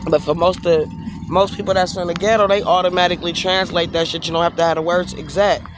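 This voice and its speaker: A man's voice: sits high, level tone, quick pace. A man in his forties rants bluntly and profanely in a casual monologue, talking outdoors. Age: 40s. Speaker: vlogger. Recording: outdoor street and traffic noise.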